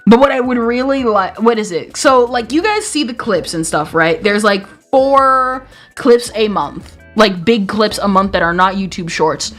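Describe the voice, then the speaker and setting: A woman's voice: mid-range voice, unhurried, few pauses, a bit bright, faint music behind. A young woman streamer with a slight Southern twang, chatting casually and laughing often, sometimes stuttering and restarting. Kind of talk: casual chat.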